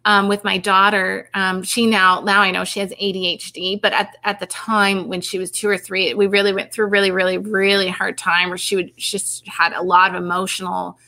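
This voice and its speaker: A woman's voice: medium pitch, flat delivery, a little fast, few pauses, pushed and bright. A middle-aged woman, a researcher, talking in a rambling, casual way, full of fillers and restarts. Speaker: researcher and podcast guest. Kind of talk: casual conversation.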